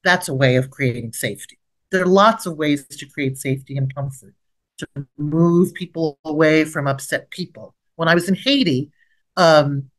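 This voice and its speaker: A middle-aged woman giving an instructional training lecture on first aid for the mind, acting out short gentle approach lines in between. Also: low-pitched. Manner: lively, rises sharply when acting out gentle approach lines. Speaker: trauma expert leading a training webinar. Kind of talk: instructional lecture with role-played examples.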